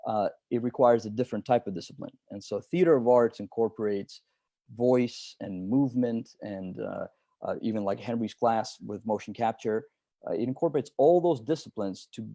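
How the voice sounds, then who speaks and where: A man's voice: fairly low pitch, moderate pace, dark tone, no echo. A man, an acting teacher and department chair, speaking earnestly over a video call and explaining his craft with some fillers. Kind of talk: webinar presentation.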